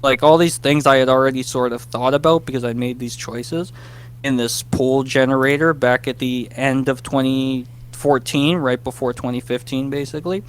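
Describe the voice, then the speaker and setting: A man, a guest writer, telling a casual interview story, animated and self-deprecating about his nerves. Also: mid-range voice, clear, resonant tone. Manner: animated, acts out his past self in quick bursts.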